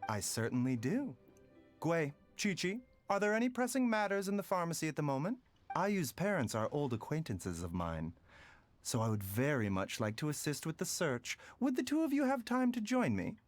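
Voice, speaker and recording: A silky, courteous doctor. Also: male voice, fairly high pitch, huge pitch swings, normal speed, faint music behind. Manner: smooth, overly polite, sounds sarcastic. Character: calm, courteous male pharmacist doctor. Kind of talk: video game voice acting.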